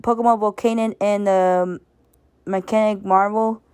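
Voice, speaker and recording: A woman's voice: mid-range voice, steady tone, unhurried, a little mellow, clear, resonant tone, no echo, studio quality. A woman giving a casual, rambling spoken review, stumbling and restarting often and laughing as she goes. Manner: sentimental, laughs while talking. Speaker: video reviewer.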